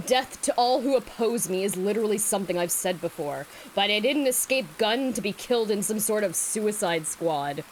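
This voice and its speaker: A woman's voice: mid-range voice, animated, normal speed, hardly any pauses, a little hiss or hum, lightly acted, rough recording. Shadow, a woman reading a brooding angsty hedgehog. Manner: angsty, sulky.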